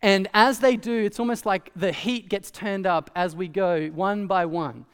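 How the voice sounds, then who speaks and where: Man, pastor, chatty animated sermon, high voice, long hall reverb. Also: unhurried, smooth. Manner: conversational, animated preaching with asides.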